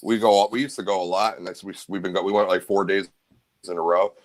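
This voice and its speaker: Low-pitched man chatting easily on a video call. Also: fairly even intonation. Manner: laid-back, halting with fillers. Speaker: guest. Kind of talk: casual chat.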